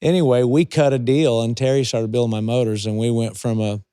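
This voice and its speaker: A man's voice: medium pitch, steady tone, brisk, dark tone, smooth, dry recording, studio quality. An older man from California, a retired racing driver, telling long rambling stories as an interview guest. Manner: rambling anecdotes with many restarts. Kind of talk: storytelling in a casual interview.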